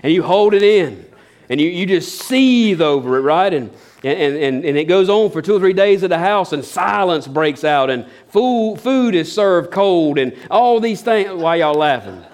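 A man delivers a sermon, animated and folksy, with a slightly raised pitch for a man. He mixes humor with scripture and swings from big, lively stretches to quiet asides. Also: normal speed. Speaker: pastor.

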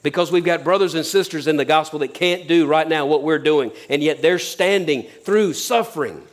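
Pastor, man, higher-pitched, easy conversational sermon delivery with sudden hushed drops. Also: normal speed. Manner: conversational preaching, sudden drops to near-whispers.

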